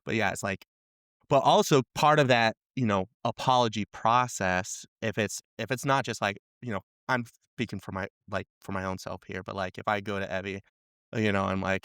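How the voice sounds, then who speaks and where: A man's voice: lowish voice, fairly quick, creaky, a bit bright, clean tone, no room sound, clean studio sound. A man hosting a podcast, talking casually and reflectively, thinking aloud with small repeats. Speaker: podcast host. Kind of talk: casual conversation.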